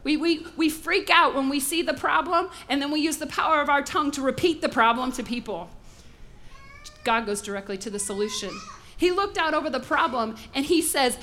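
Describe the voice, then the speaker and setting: Bright high-voiced woman preaching. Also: a little fast, slight background noise. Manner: animated preaching, acts out voices in asides. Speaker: pastor. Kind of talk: sermon.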